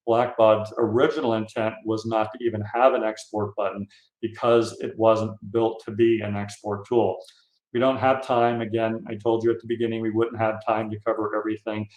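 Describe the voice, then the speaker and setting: A man, a consultant, giving an instructive conference session presentation with emphatic stress on key points. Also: on the low side. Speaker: fundraising software consultant. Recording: echoey conference room.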